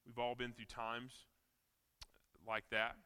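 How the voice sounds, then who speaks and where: Southern pastor preaching in a bright voice. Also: male voice, mid-range voice, completely flat delivery, slow pace, clean tone. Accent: American Southern. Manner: earnest preaching with repeated phrases and restarts. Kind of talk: sermon. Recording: long reverb of a large hall.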